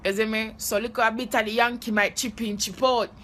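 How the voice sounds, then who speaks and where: A woman's voice: fairly high pitch, fairly quick. A young woman with a Jamaican accent telling comic stories to camera, acting out the voices of the people in them. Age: young adult. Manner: animated, acts out voices in her stories. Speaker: comedy vlogger. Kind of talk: comic storytelling vlog.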